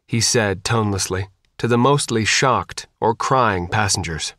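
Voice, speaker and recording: A man reading an audiobook in a measured, even style. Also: on the low side, no echo, clean studio sound. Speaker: audiobook narrator. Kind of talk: scripted audiobook narration.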